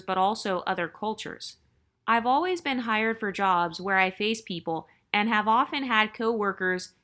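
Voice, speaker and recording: A woman's voice: medium pitch, sharp tone. A woman hosting her channel, reading a viewer's story aloud in a chatty way and breaking in with joking asides.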